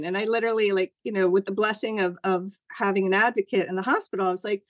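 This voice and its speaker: A middle-aged woman recounts a personal story over a video call. She talks in a loose, animated way, and her voice jumps higher whenever she acts out something she once said. The sound is dry and close, with no room echo. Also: quick pace. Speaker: guest sharing a personal story.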